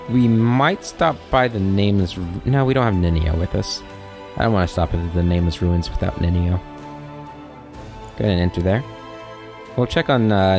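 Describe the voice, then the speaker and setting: A man hosting a let's play, giving relaxed commentary, thinking aloud and correcting himself, and reading out game text. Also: low-pitched. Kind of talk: casual gameplay commentary and reading.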